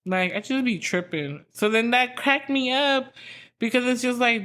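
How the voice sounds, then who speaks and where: A woman's voice: a little high, unhurried, fairly bright tone. A young adult woman hosting a podcast, telling a story in a casual, profane, rambling way full of fillers. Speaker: podcast host.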